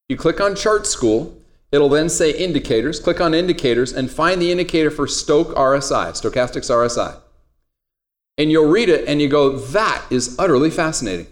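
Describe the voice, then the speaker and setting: A man teaching a trading class in a classroom, casual and joking as he talks straight to his students. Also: fairly high pitch. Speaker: trading instructor. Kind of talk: classroom lecture.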